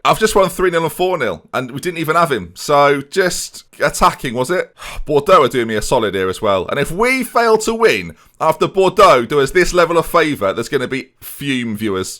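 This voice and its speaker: Animated man commentating a game. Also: mid-range voice, normal speed. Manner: chatty, addresses viewers, swings into exasperated outbursts. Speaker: video game streamer. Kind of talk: football management game commentary.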